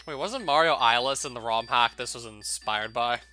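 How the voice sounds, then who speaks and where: A young man with a bright, forceful voice talks through a game in a casual, wry way and laughs often. Faint game music plays behind him. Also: medium pitch, moderate pace. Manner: wry, laughs often, reads on-screen text aloud. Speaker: let's play commentator. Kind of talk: casual gameplay commentary.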